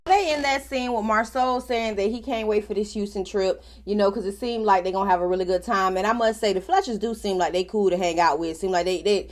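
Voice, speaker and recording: A woman hosting a casual reality TV recap, blunt and sassy, full of slang and swearing, who voices the cast's lines as she retells scenes. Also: mid-range voice. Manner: acts out the cast's lines in quick voiced quotes. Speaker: reality show recap host.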